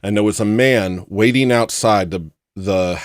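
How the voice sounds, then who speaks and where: A man hosting a livestream, telling a rambling personal story in a casual way and acting out the people in it with loud put-on voices. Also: lowish voice, a little slow, no echo, studio quality. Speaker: livestream host.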